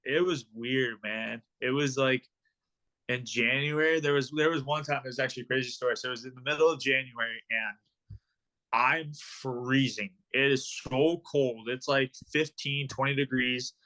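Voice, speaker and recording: A young man in his twenties, a pro hockey player, tells meandering stories in a casual podcast interview, packed with ums and likes. His medium-pitched voice keeps a fairly even intonation at a moderate pace, with a sharp tone.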